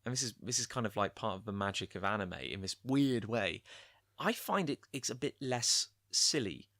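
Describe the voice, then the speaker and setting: A man co-hosting a laid-back anime review chat, his voice bright and lively as it climbs and dips. He keeps restarting sentences while he hunts for the right word. The sound is close and dry, with no room around it. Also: fairly low pitch, moderate pace, no echo. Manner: animated, searching for words with repeated restarts. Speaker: podcast co-host.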